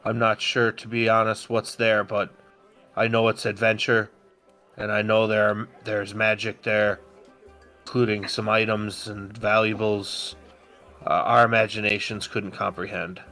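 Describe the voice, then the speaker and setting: A man voicing an earnest adult male adventurer who speaks low, quiet and solemn while recruiting a newcomer. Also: little pitch movement, unhurried, faint music behind.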